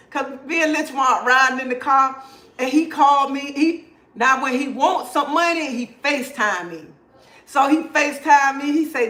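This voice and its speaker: An older woman, chatting casually on a livestream and telling animated stories with quoted dialogue. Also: high voice, normal speed, echoey room. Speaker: livestream host. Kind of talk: casual chat.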